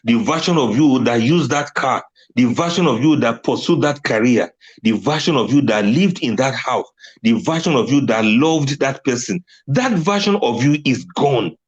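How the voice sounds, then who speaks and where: A man's voice: medium pitch, highs cut off. A man giving a religious talk on letting go, emphatic and often laughing at his own points. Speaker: Islamic speaker.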